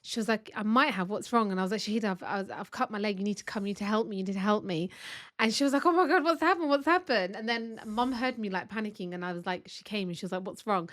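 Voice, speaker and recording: A woman co-hosting a podcast from home, telling stories in a chatty, animated way. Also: mid-range voice, quick pace, no room sound, studio quality. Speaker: podcast co-host. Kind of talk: casual chat. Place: family home.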